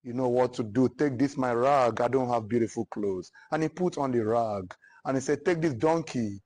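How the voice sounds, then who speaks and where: A man teaches literature with a Nigerian English accent. He retells a long poem in his own words and throws himself into the characters' speeches. His voice sits in an ordinary register, rising sharply and growing louder when he acts out the dialogue. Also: moderate pace. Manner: dramatic storytelling, acting out the characters' lines with rising pitch and force. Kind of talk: retelling a narrative poem for students.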